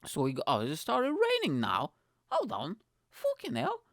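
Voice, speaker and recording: A young man hosting a comedy podcast from home, ranting in a profane, animated way. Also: sits high, measured pace, vocal fry, no room sound, studio quality. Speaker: podcast host.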